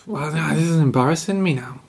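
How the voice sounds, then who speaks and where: Young woman, Teesside accent, podcast co-host; low-ish husky voice, self-deprecating, frequent laughter. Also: brisk, a little mellow. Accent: Teesside (Middlesbrough). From Middlesbrough, England. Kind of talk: casual chat. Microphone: podcast microphone.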